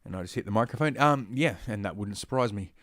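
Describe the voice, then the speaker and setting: A man's voice: lowish voice, lively intonation, fast, a bit bright, dry recording, clean studio sound. A man with an Australian accent hosting a solo podcast, reading news stories aloud and breaking off into rambling, profane, sarcastic asides. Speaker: podcast host.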